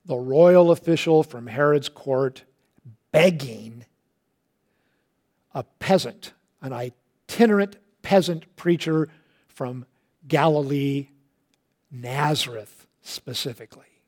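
A man preaching a sermon. He tells the story in a lively way, with casual asides, and swings from loud and emphatic to hushed and quiet. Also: medium pitch, slow, pauses often. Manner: colloquial asides.

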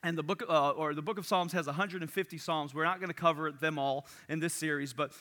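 A young male youth pastor with a high voice and a piercing, sharp-edged timbre, telling a funny story on himself at a church service. He jokes at his own expense and then settles into the sermon. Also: fast. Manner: animated storyteller, self-mocking and joking. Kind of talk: sermon opening with a humorous personal story.

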